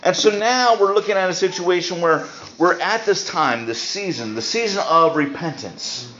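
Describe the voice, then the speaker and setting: High-voiced man preaching a sermon. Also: expressive, moderate pace, fairly bright tone, a little hiss or hum. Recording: roomy, dull lo-fi sound.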